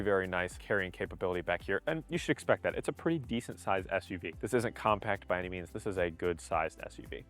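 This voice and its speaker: Man walking through a car's features. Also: on the low side. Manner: conversational, lists features in detail. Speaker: car reviewer. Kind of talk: casual product walkthrough. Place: in and around a car.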